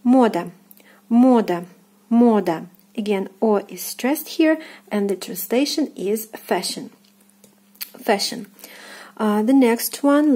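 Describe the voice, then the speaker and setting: Russian-accented woman teaching, mellow voice. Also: medium pitch, husky. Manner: unhurried, explains slowly with many fillers and self-corrections. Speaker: language teacher. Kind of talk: casual spoken lesson.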